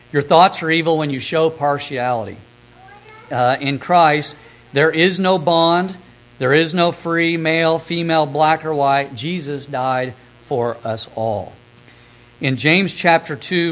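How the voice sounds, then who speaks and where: A man giving a sermon, reading scripture passages and then recounting a story in a quieter, quicker way. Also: fairly high pitch, poor audio. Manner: reads scripture aloud, then retells stories in a soft, quick aside. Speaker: preacher recapping a sermon.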